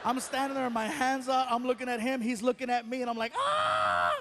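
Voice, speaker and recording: A man performing stand-up comedy, telling a story in a lively way and acting out the other people in it. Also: very high voice, fast, raised voice. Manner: animated, acts out the other people in his stories.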